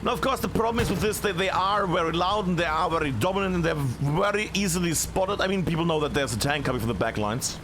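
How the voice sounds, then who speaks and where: A man giving live play-by-play commentary on a video game match, chatty and excitable with many fillers. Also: a little high, fast talker, few pauses, background noise. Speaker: esports caster.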